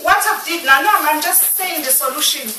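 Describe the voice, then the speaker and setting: Pleading high-voiced woman, echoey and distant. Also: normal speed. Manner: pleading, rambling, emotional. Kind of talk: heated argument. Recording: echoey room, off-mic, noisy.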